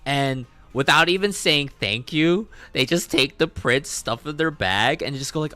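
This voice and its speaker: A man streaming a game while telling a long story in an animated, chatty way, laughing often, swearing, and leaning on lots of fillers. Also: mid-range voice, normal speed, few pauses. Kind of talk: casual storytelling while gaming.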